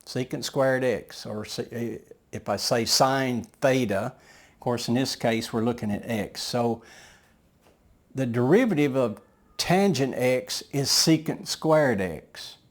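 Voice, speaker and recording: A man's voice: medium pitch, slow. A man teaching a math lesson, talking patiently through each step of his working aloud.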